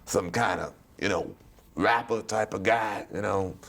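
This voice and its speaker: A man being interviewed as a guest actor, telling stories in a casual, animated way and slipping into other voices. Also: lowish voice, measured pace, gravelly. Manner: animated storytelling, slips into voices.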